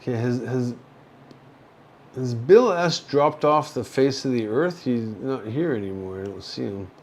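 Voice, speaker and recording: Slow, rambling older man on a livestream. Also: medium pitch, lively intonation, slight background noise. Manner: halting and rambling, with many fillers and soft chuckles. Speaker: livestream host reading viewer chat. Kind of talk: casual livestream chat.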